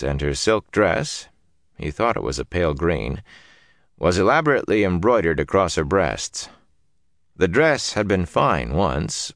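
Very deep expressive male narrator. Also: vocal fry, dry recording, clean studio sound. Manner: expressive, dramatic storytelling. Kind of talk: audiobook narration.

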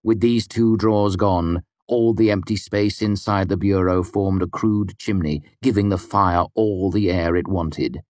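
A man reading a first-person audiobook in a measured, wry storytelling manner. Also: low voice, no room sound, clean studio sound. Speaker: audiobook narrator.

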